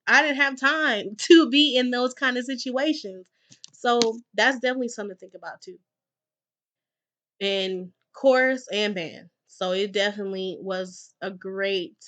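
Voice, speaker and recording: A young woman, a classroom teacher, shares advice with her viewers in a casual vlog. Her voice sits in a middle pitch, and she leans hard on her points, often saying them twice. She moves from quiet asides to loud, lively urging. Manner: emphatic, repeats points for stress; lively, swings between soft and loud.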